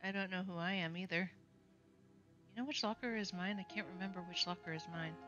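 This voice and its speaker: A woman's voice: on the low side, fairly quick, fairly bright tone, muffled recording, faint music behind. A woman streaming a text game, reading its narration aloud with playful, wry asides.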